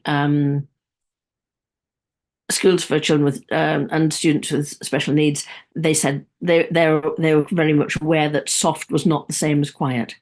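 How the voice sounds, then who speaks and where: A woman's voice: low voice, darkish tone. A woman music teacher giving a webinar, chatty and demonstrative, dropping into sung and whispered examples.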